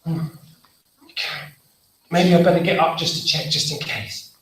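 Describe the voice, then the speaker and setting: In a school hall, a man with a fairly high voice leads a children's storytelling workshop at a moderate pace, animatedly acting out the tale and prompting call-and-response. The recording is echoey, with a distant mic and faint noise.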